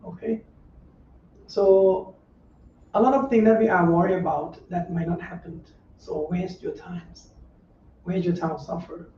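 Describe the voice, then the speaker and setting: A middle-aged Buddhist monk teacher gives a gentle, plain-spoken dharma talk in a meditation center room, his voice high and mellow with a steady tone. He speaks a little slowly, pausing often, offering conversational advice in simple, repetitive phrasing with frequent rhetorical checks. The distant, dull lo-fi mic picks up roomy echo and a little hiss or hum.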